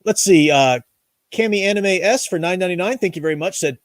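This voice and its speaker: A man's voice: sits high, fairly quick, no room sound, studio quality. A man hosting his own commentary show, talking casually in an indignant, ranting way with many restarts. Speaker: commentary channel host.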